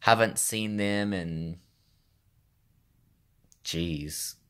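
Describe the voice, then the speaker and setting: A man talking slowly and pausing to think in a casual, unscripted vlog, recorded on a phone in his bedroom with a sore mouth. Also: low voice, a bit bright, clear, resonant tone. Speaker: vlogger.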